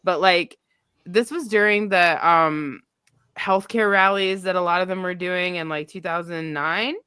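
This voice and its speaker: A woman who is congested with a cold, telling stories in lively, swearing, laughing casual political banter. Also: on the low side, a little slow, clear, resonant tone, no room sound, studio quality. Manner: animated, swearing, laughing storyteller.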